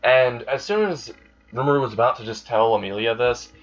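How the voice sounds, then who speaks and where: A man's voice: mid-range voice, a little fast. A man improvising a fan story aloud in a rambling way, with fillers and self-corrections, on a dull lo-fi recording. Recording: dull lo-fi sound.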